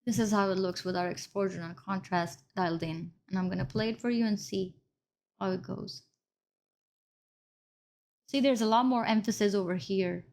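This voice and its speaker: A woman's voice: mid-range voice, steady tone, moderate pace, long pauses, darkish tone. A woman teaching color grading step by step in a screen-recorded tutorial, correcting her own slips along the way. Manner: explains step by step, apologizes for slips. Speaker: video editing instructor.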